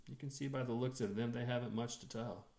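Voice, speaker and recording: A man voicing a brusque but kindly young male priest who scolds gruffly and teases gently. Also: mid-range voice, steady tone, brisk, reverberant, close to an everyday voice. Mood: wry. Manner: gruff, stern scolding turning gently wry.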